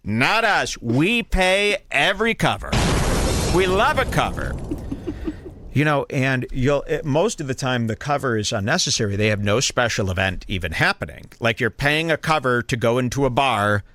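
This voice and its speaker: A man's voice: mid-range voice, normal speed, background noise. A man co-hosting a podcast, telling a comic story and acting out the people in it. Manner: animated, mimics people in stories. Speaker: podcast co-host. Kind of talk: casual comedic storytelling.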